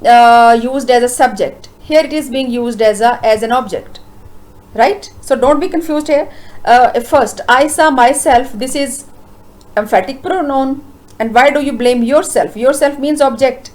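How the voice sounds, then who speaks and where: Woman teacher, slightly high voice, patient grammar explainer with lots of "uh"s. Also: a little mellow, rough recording. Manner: explains slowly with frequent uh fillers, asks rhetorical questions. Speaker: English teacher. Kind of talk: grammar lesson lecture.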